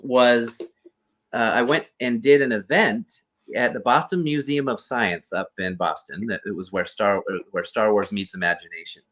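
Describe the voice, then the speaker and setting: A man's voice: on the low side, normal speed, fairly bright tone. A man, a guest actor and costume performer, earnestly telling a rambling story over a video call. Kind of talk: casual storytelling interview.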